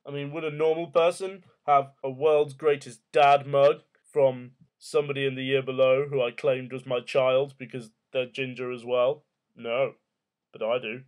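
A man in his twenties vlogging from home in a casual, rambling monologue, firing off jokey rhetorical questions and swearing casually. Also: medium pitch. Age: 20s.

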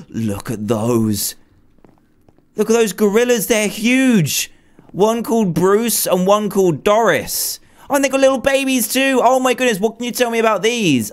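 A man hosting a game video, commenting excitedly with frequent gushing exclamations. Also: on the high side, moderate pace. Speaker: gaming video host. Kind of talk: let's play commentary.

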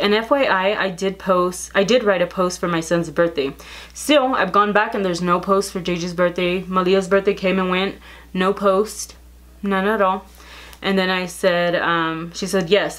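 A woman's voice: lowish voice, fairly even intonation, normal speed. Blunt, swearing woman telling gossip. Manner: blunt and profane, reading out text messages. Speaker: vlogger. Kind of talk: casual storytime gossip.

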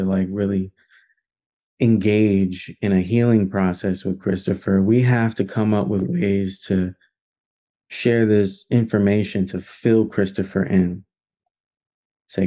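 A man's voice: fairly low pitch, warm tone. A man leading an online film study group, talking in an earnest, conversational way with plenty of fillers. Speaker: discussion leader.

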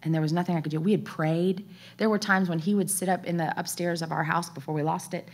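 A woman in her thirties, a worship leader giving an emotional testimony sermon, her voice rising high in quoted pleas and dropping to near-whispers. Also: fairly even intonation, fast. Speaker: worship leader and conference speaker.

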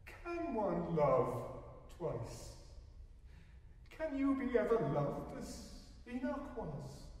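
A man's voice: huge pitch swings, drawn-out words, a little mellow, recorded from a distance, exaggerated voice. A man voicing a tender, hesitant mother who pleads in a raised, emotional voice, recorded live from afar in a roomy hall. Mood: pleading. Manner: pleading, rising high in emotion. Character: woman, a poor widowed mother, tender, hesitant.

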